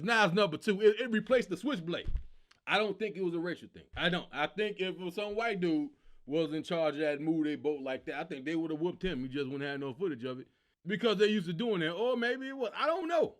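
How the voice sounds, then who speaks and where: A man comedian hosting his own show, telling stories in an animated way, acting out the people he quotes and shouting at the big moments. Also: sits high. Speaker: comedian host. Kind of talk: energetic stand-up style commentary.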